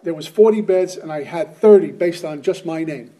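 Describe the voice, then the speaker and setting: A man's voice: fairly high pitch, normal speed, warm tone, recorded from a distance. A middle-aged man giving an earnest, plainspoken personal testimony as a speaker at a recovery meeting.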